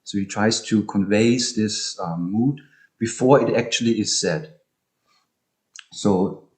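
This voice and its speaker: A man with a very low voice presents an academic talk over a video call. He speaks hesitantly, pausing on ums and restarting phrases as he explains. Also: darkish tone. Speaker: speaker presenting on music and poetry.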